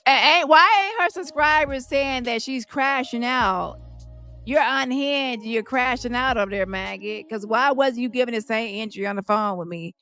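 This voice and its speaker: Woman host, taunting and confrontational, high and bright voice, faint music behind. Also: moderate pace. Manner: taunting, confrontational, addresses viewers directly. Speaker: livestream host. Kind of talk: heated reaction commentary.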